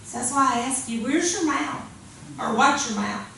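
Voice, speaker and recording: A woman's voice: high voice, expressive, normal speed, gravelly, sharp tone. A woman preaching a sermon in an earnest, conversational way, often repeating her phrases. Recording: echoey room, far from mic, faint hiss.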